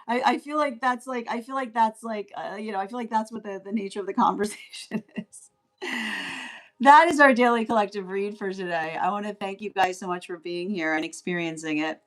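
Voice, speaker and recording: A woman's voice: medium pitch, fairly quick, a bit bright. A woman giving a casual spoken tarot reading, rambling and often asking "right?" as she laughs along. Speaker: tarot reader.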